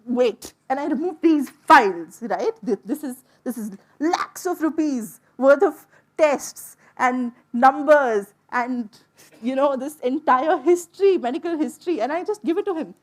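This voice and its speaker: A woman from India telling a personal story to an audience, in an emotional, animated way. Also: sits high, measured pace. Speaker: speaker. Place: stage before an audience.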